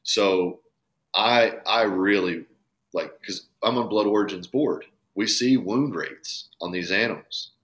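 Slow and on the low side, with a fairly bright tone, this man is a bowhunter guesting on a relaxed podcast. He's earnest and emphatic, and occasionally profane.

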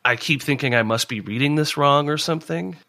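A man co-hosting a casual tech podcast who talks in a stuffy, monotone sinus voice with a head cold and rambles through restarts. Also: fairly high pitch, fairly quick, no room sound. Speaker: podcast co-host.

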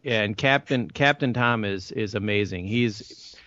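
Low-voiced man telling dive stories. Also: unhurried, dry recording. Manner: rambling, animated anecdotes with restarts. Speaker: podcast host. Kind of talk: casual storytelling chat. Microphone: call over the internet. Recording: muffled lo-fi online call.

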